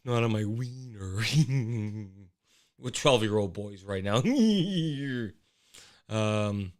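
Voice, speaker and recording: A man's voice: fairly low pitch, extremely slow. A man hosting a casual livestream show, talking animatedly and greeting viewers from the chat. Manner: animated, exclaiming, with frequent restarts.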